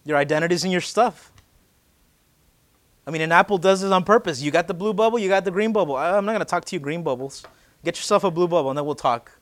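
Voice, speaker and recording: A man in his late twenties, a pastor, preaching a casual, joking sermon that swells into loud, urgent emphasis. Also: high voice, fast talker. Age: late 20s.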